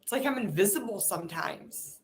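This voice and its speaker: A woman's voice: mid-range voice, lively intonation, normal speed. A woman hosting a podcast, leading a guided emotional release exercise and voicing her hurt and frustration aloud in a raw, unfiltered way. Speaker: podcast host.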